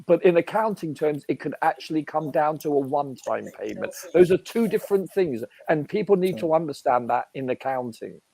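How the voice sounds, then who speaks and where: A man's voice: a little high, expressive, brisk, gravelly, hardly any pauses, mellow. A man on a live stream panel, explaining points at length and repeating them. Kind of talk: casual live stream chat.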